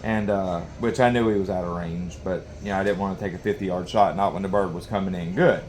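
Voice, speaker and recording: A man's voice: deep voice, steady tone, brisk, a little mellow, a little hiss or hum. A man telling a long hunting story in a rambling, folksy way, full of restarts. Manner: rambling, folksy, lots of you-knows and restarts. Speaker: knife sharpening channel host. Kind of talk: casual storytelling while sharpening.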